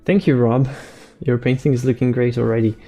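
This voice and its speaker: Male painter host, relaxed live-stream chat, mellow gravelly voice, unhurried delivery, faint music underneath. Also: mid-range voice. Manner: soft-spoken, slow, repeats words while painting.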